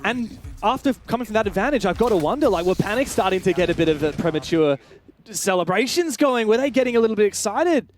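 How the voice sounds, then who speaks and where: A very high-pitched man calling an esports match. He talks quickly and pushes up into excited shouts whenever the action turns. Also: a little hiss or hum. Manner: fast, rising to shouts at big plays. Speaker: play-by-play caster. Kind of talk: esports commentary.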